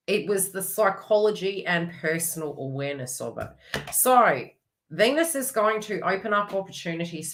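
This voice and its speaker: A woman giving a chatty, rambling astrology reading with animated asides. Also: lowish voice, a little hiss or hum. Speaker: astrology reader. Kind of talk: casual astrology forecast.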